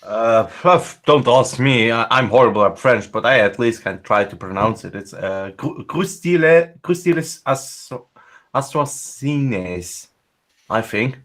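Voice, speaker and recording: A man's voice: on the low side, moderate pace, few pauses, a bit bright. Man stumbling through a self-mocking story. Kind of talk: casual group chat.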